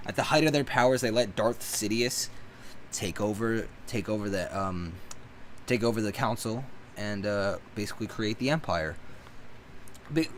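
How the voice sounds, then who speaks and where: A man's voice: fairly high pitch, slight background noise. A man reviewing a movie in a casual, blunt and profane opinion rant that keeps getting worked up.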